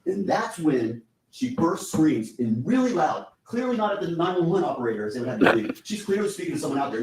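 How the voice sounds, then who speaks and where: A man's voice: on the high side, big pitch swings, a little fast, hardly any pauses. A man giving a closing argument in a courtroom, urgent and insistent, repeating key points to the jury. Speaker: defense attorney. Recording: echoey courtroom audio from a distance.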